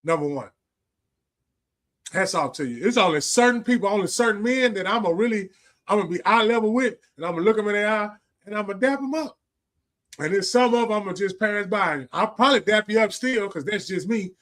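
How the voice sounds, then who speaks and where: A man's voice: high-pitched, expressive, brisk, a bit bright. A man, hosting a livestream and giving a casual, preachy monologue full of slang, profanity and repetition. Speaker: livestream host.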